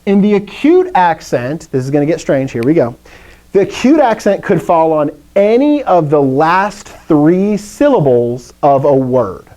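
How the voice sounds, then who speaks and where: A man's voice: on the high side, sing-song, a little slow, warm tone, poor audio. A man from the American South teaching a Greek class, chatty and playful, with lots of asides. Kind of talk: classroom lecture.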